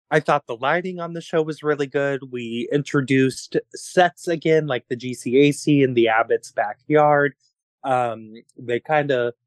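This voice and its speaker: A man's voice: mid-range voice, dry recording. Dry-sounding casual male podcast host. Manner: relaxed, chatty, laughs often.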